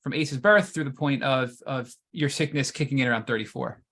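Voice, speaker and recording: A male podcast host who sums up what his guest has said and then lays out long, multi-part questions in an even, conversational voice. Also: mid-range voice, a little fast, gravelly. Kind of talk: interview questions.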